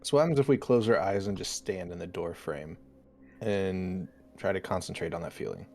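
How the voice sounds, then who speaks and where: A man playing a tabletop game, thinking out loud and suggesting plans in a low-key way. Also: moderate pace. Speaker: player. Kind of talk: casual game chat.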